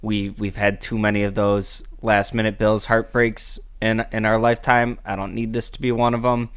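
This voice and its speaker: Smooth-voiced, laid-back man. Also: lowish voice, little pitch movement, normal speed. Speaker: podcast co-host. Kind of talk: casual chat.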